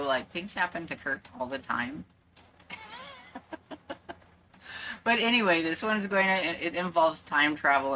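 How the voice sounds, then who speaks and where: Casual vlogger, a woman: low-pitched but bright and forward, talks in loose rambling asides, faint noise behind. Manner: rambling and chatty, with many fillers. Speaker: book vlogger. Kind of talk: casual chat. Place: at home.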